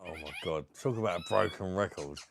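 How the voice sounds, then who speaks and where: A man's voice: low-pitched, a little fast, vocal fry, background noise. A British man in casual chat, swearing and joking as he coaxes his pet parrot to talk. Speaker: vlogger.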